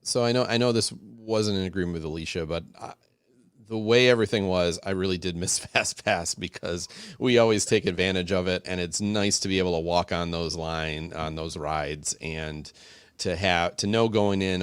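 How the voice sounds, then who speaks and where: A man's voice: deep voice, moderate pace, smooth, dry recording, studio quality. A man co-hosting a podcast, chatting casually with many restarts and rambling enthusiasm. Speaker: podcast co-host.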